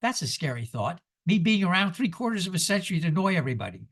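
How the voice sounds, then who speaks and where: Older man, seventies, sermon, bright voice, emphatic, rhetorical questions. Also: sits high, sing-song, fast talker. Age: 70s. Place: church sanctuary.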